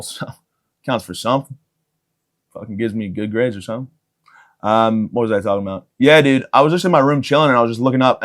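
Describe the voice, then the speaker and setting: A young man hosting a podcast, rambling through a crude comedic monologue with jokey asides and bursts of mock outrage. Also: medium pitch. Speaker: podcast host.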